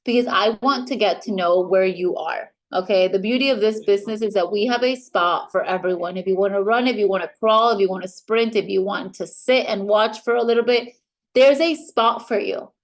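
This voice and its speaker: A woman mentor giving a training talk to a live group of new recruits, upbeat and direct, who now and then acts out quick quoted voices. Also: mid-range voice.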